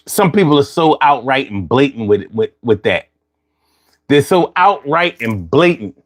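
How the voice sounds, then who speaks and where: A man's voice: mid-range voice, very animated, measured pace. Chatty slangy man riffing on a stream. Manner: loose, chatty, repeats phrases, slangy. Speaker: livestream host reading chat. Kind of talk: casual livestream chat.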